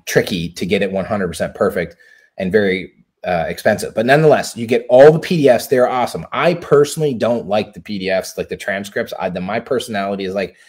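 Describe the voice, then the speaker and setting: Chatty man hosting a live stream. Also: lowish voice. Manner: chatty, keeps checking in with "okay?"; upbeat, asks viewers for a hallelujah. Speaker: livestream host. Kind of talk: casual live-stream announcement. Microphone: close personal mic.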